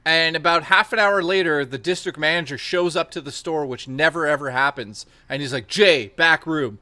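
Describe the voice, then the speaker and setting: A man with a bright, forceful voice that sits a little high for a man, telling long, profane stories on a stream. He rambles from one anecdote to the next and acts out what each person said. The sound is dry and close, with no room around it. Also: brisk, dry recording. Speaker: stream host. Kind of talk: casual storytelling chat.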